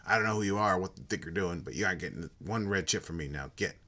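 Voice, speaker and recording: A man doing a gruff, cranky old shopkeeper. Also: low voice, fast, background noise, natural voice. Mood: irritated. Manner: snapping, indignant. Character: gruff old male shopkeeper, stubborn and irritable.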